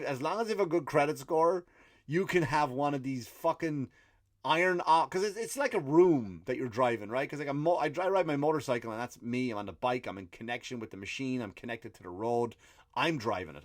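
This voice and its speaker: An Irish man in the middle of a comedy rant, swearing his way through a story and jumping into other people's voices as he goes. His pitch sits at an ordinary middle height. The recording is dry and close, with no room sound around him. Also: no room sound. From Ireland. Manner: profane, animated storytelling with acted-out quotes. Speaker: comedian and podcast host. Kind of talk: ranting comedic monologue.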